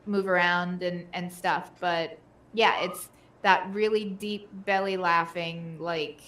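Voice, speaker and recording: A woman's voice: fairly low pitch, fairly even intonation, takes it slowly, a bit bright, a little hiss or hum. Chatty woman in an echoey room. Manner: rambling, many fillers. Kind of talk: casual chat.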